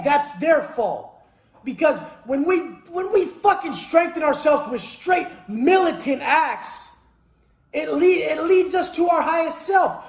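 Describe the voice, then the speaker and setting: A man delivering a profane motivational monologue. He speaks intensely and forcefully, swears constantly and bursts into shouts. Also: extremely high pitch. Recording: echoey room.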